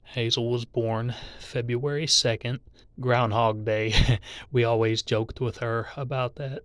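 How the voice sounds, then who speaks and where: Slow grieving man, flat delivery. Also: mid-range voice, no room sound. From southeast Texas. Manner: halting, many pauses and restarts, grieving. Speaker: channel host. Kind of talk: reading an obituary to viewers.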